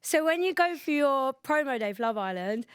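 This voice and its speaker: A young woman, chatting loosely as a podcast guest. She mocks herself and laughs easily. Her voice sits on the high side and sounds close and dry. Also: expressive, fairly quick, no room sound. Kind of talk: casual chat.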